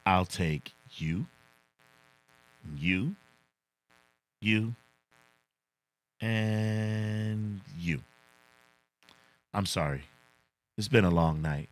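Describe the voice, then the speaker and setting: A man doing an impression of a cool, cocky male martial-arts movie fighter, with a slow, offhand, deadpan delivery. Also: on the low side.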